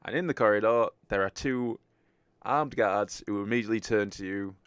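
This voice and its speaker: A man's voice: fairly low pitch, normal speed, smooth, dry recording, studio quality. A man narrating a tabletop game as game master over an online voice call, joking and laughing easily. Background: faint battle music.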